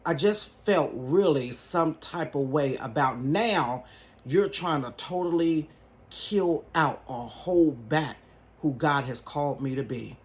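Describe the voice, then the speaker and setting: A woman in her bedroom, telling a personal story to camera in an animated, folksy way and calling viewers "y'all" and "honey". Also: deep voice, slow. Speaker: vlogger. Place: home bedroom. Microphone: camera at close range.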